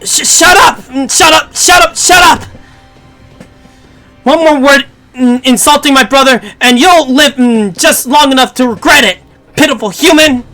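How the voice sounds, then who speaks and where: A shrill, hot-tempered young goddess, put on by a streamer reading a game, yelling at a higher pitch than the streamer's usual voice. Her voice is bright and sharp, and soft music plays underneath. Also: measured pace. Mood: furious. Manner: high, shrill shouting. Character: fierce young goddess sister, shrill and furious.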